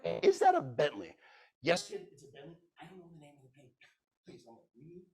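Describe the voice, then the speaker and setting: A man's voice: on the high side, wildly swooping pitch, fast talker, creaky, a little mellow, slightly rough. A middle-aged man telling a sales story at a conference, acting out every line of dialogue. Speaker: keynote speaker. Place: conference room.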